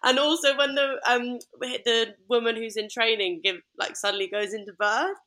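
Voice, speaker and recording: A woman's voice: on the high side, steady tone, normal speed, bright, forceful tone. A young woman, co-hosting a podcast and enthusiastically retelling scenes in casual chat. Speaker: podcast co-host.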